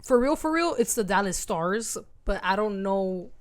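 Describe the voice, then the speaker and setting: A young woman co-hosting a casual podcast, jumping in to fill in story details and agreeing often. She has a mid-pitched voice and loose, filler-heavy phrasing. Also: animated, normal speed. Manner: chiming in, agreeable, laughing. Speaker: podcast co-host. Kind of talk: casual chat.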